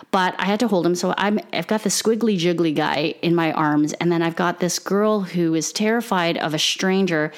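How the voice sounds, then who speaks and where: Animated middle-aged woman telling a story. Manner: animated, acts out the voices in her story with big pitch jumps. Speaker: mother telling a personal story. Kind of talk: casual storytelling monologue.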